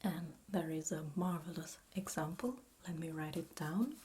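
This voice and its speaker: A woman's voice: deep voice, moderate pace, dark tone, slight background noise. An Italian woman with an Italian accent, whispering a patient language lesson as ASMR, drawing out words for the listener to repeat. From Italy. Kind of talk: whispered role-play.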